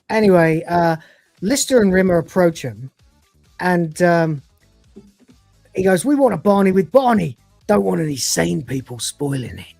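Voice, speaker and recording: A woman's voice: on the low side, creaky, dark tone, no echo. Woman retelling scenes, acting out lines. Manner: acts out the characters' lines with voices and laughs. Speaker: podcast co-host reviewing episodes. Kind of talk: casual livestream review, retelling scenes.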